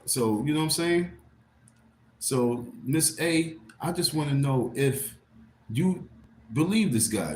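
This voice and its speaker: A man's voice: fairly high pitch, animated, takes it slowly. A man on a casual livestream, tired and irritated, rambling and repeating himself as he talks to his viewers. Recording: roomy with faint background noise.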